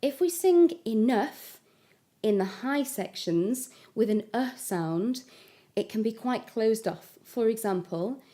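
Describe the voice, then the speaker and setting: A woman giving a singing lesson, explaining vowel shapes step by step and demonstrating high notes. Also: animated, takes it slowly, dark tone. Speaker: singing teacher. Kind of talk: vocal lesson with sung examples.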